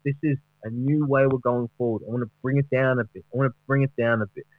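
Placating Aussie media host, middle-aged, soft and low, as a man puts him on; dry, dull recording. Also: fairly even intonation, fast talker, no echo, lightly acted.

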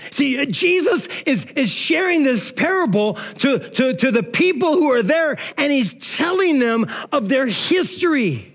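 A middle-aged man preaching a lively, informal sermon as pastor, often saying "man" between phrases. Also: very high voice, measured pace, hardly any pauses.

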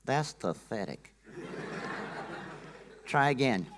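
A man's voice: mid-range voice, big pitch swings, takes it slowly, slight background noise. A preacher voicing Junior, a cheeky wisecracking boy puppet sidekick who teases and tries out a fake Australian greeting. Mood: teasing.

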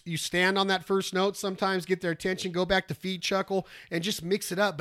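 A man, teaching duck calling in a rambling, folksy way, breaking into loud duck calls. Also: high voice. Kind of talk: casual instructional talk.

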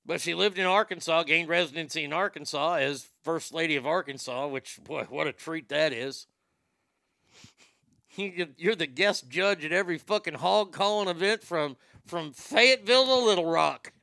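Male host, gravelly raised voice, sharp bright tone, cursing and sarcastic, dry close mic. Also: a little high, moderate pace, dry recording. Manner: profane, sarcastic, boastful. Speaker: show host. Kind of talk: ranting political commentary.

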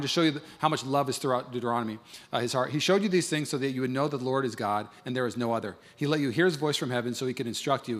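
In a large church hall, a pastor in his thirties preaches with a medium-pitched, slightly bright voice. He tells a story about marriage and acts out both sides of it, and the hall adds long reverb.

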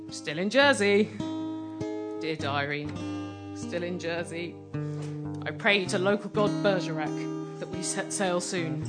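A woman doing deadpan comic storytelling on stage at a live show. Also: medium pitch. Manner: deadpan, dry comic delivery. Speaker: comedy performer. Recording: live performance with loud guitar. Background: guitar music.

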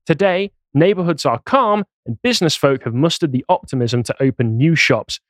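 A man's voice: on the high side, animated, normal speed, no echo, clean studio sound. A man co-hosting a casual podcast, reading news articles aloud and mocking them with sarcastic asides. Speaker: podcast co-host.

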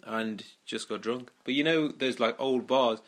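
A man's voice: mid-range voice, a little slow, a bit bright. A man co-hosting a podcast, chatting casually and telling a story with frequent laughs. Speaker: podcast co-host. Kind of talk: casual chat.

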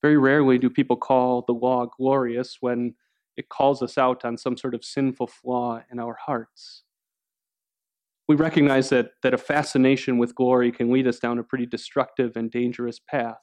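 A man preaching a sermon, earnest and steady, with pauses and restarts as he explains scripture. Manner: earnest preaching, acts out quoted voices with rising pitch. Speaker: pastor.

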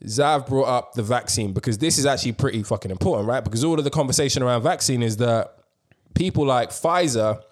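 A man's voice: mid-range voice, fast talker. Guy hosting a podcast, chatty and slangy, swears a lot. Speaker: podcast host. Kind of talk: casual podcast chat.

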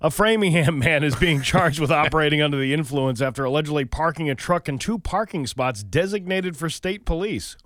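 A man's voice: fairly high pitch, fairly quick, few pauses, fairly bright tone, dry recording, clean studio sound. A man hosting a comedic talk show, reading odd local news items and joking about them. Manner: jokey, breaks into mock-outraged rants and silly voices. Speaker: radio show host reading news stories.

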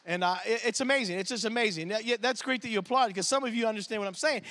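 Man, youth pastor, very high voice, sharp tone, animated church storyteller. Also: very fast, few pauses. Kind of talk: sermon storytelling. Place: church service.

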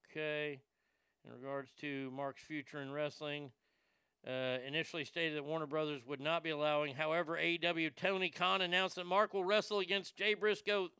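A man hosting a casual commentary show, ranting crudely with loud profane outbursts. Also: on the high side, clear, resonant tone, no room sound, clean studio sound. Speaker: show host.

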